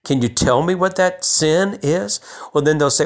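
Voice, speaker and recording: Guy preaching, kinda high voice, talks like a chat then gets loud and emphatic, lots of restarts. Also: moderate pace. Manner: conversational preaching with frequent restarts and rising emphatic bursts. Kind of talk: sermon.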